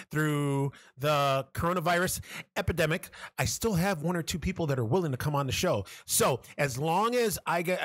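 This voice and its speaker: A man hosting a podcast in a loose, joking chat, full of fillers and asides. His voice sits a little high for a man. The sound is dry and close, with no room around it. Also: fairly bright tone, no room sound. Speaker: podcast host.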